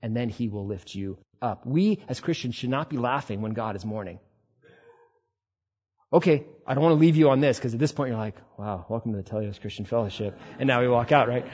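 Male pastor, husky, chatty preaching style with animated quoted asides, dull lo-fi church recording. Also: fairly quick. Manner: conversational preaching, acts out quotes with sudden high bursts. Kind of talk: sermon.

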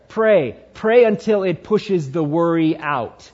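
A man with a fairly high voice delivers an emphatic sermon, repeating key phrases to drive them home. His pitch swings dramatically. The recording is muffled and lo-fi. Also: animated, slow, darkish tone. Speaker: pastor. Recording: dull lo-fi sound.

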